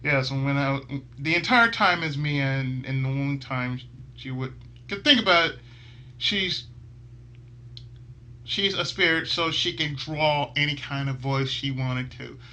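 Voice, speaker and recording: A man's voice: mid-range voice, measured pace, pushed and bright. A man hosting a gaming channel, chatting casually and rambling, laughing a lot as he goes. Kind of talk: casual chat.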